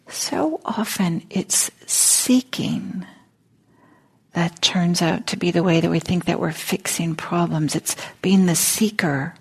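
A soft-spoken woman teacher gives a reflective dharma talk at an unhurried pace, often slipping near a whisper. Her low voice has a gravelly, husky texture. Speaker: meditation teacher. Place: meditation center.

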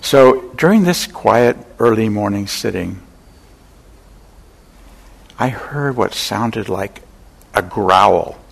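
Older guy giving a dharma talk, gravelly and slow, lots of pauses. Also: on the low side, animated. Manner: unhurried, pausing storyteller. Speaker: meditation teacher. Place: meditation center hall.

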